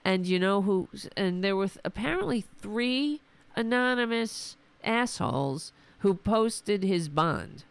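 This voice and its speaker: A woman's voice: mid-range voice, lively intonation, takes it slowly, hardly any pauses, smooth. A woman hosting a political commentary stream, losing her voice, talking back to clips in a mocking, exasperated way. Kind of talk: sarcastic livestream commentary.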